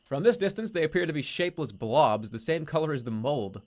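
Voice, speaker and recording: A man's voice: fairly high pitch, lively intonation, brisk, darkish tone. A man streaming a text adventure, reading its narration aloud and breaking off into playful, swearing commentary. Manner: playful, swears casually, laughs at himself.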